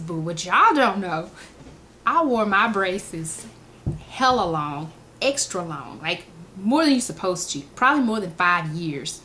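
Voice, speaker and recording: Animated woman telling funny stories. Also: a little high, a little hiss or hum. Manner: animated, laughing storyteller acting out quotes. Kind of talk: casual storytelling vlog.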